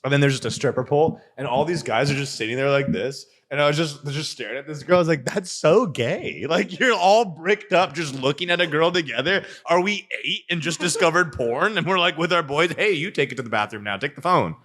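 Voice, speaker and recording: A man's voice: fairly high pitch, a little fast, few pauses, fairly bright tone. A young man guest on a podcast, telling crude stories in casual chat and joking and laughing as he goes.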